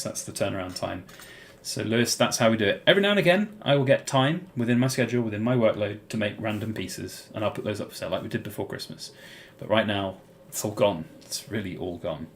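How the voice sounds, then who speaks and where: A British man with a somewhat low voice hosts a relaxed live stream and answers viewer questions as they come in. He rambles, often pausing on "um" and "uh" and restarting his sentences. A faint noise sits under his voice. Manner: rambling, many fillers and restarts. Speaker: channel host answering live chat.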